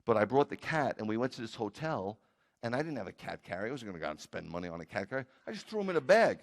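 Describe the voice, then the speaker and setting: A man with a lowish voice races through a sermon he's giving as a rabbi. He tells funny stories in an animated way, peppering them with jokey asides.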